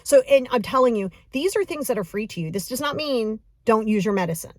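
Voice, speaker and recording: A woman coaching a breathing exercise in a casual, encouraging, chatty way, counting slowly. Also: fairly high pitch, animated, no room sound, studio quality. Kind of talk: casual guided breathing lesson.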